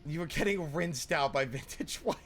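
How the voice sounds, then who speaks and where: A man streaming a game, chatting casually and answering his chat in an animated way. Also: on the high side, moderate pace. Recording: clear background noise.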